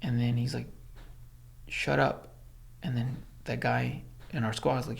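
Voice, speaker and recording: A man from Los Angeles, a former Army Ranger, telling stories as a podcast guest, animated, swearing, acting out quotes. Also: medium pitch, a little slow, vocal fry. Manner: animated storyteller, acts out quotes, swears, many fillers. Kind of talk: casual storytelling in interview.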